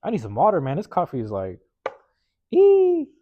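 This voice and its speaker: A man's voice: medium pitch, racing. Slangy, profane man hosting a podcast. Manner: slangy and profane, full of "man" and "bruh" tags; acts out quoted neighbors in lively put-on voices. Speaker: podcast host. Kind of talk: casual storytelling monologue. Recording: dull, dry close recording.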